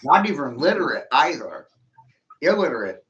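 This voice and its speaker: A man's voice: a little high, very animated, moderate pace, a bit bright, dull audio, slight background noise. A man holding forth in a blunt, opinionated casual chat. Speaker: host.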